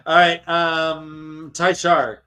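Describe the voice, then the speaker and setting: A man co-hosting a casual podcast and retelling a story, acting out its characters in quick, profane, jokey asides. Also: fairly high pitch, level tone, bright, forceful tone. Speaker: podcast co-host recapping a book.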